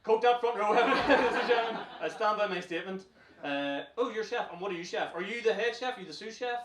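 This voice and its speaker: A man's voice: sits high, fast. A man with a Northern Irish accent hosting a comedy club night, teasing the front row with brash, sweary crowd work and laughing often. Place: comedy club stage, indoors. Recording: roomy live club sound from far off with loud audience. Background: audience laughing and cheering.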